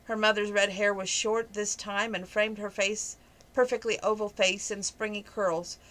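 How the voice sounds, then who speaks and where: A woman's voice: medium pitch, little pitch movement, normal speed, fairly bright tone. A woman reading a novel aloud in a conversational way, with small stumbles now and then. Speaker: reader.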